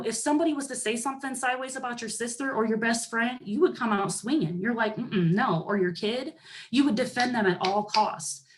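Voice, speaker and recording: Sassy, animated woman giving a pep talk. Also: on the high side. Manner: animated, sassy, acts out voices of others. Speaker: motivational speaker to a sales team.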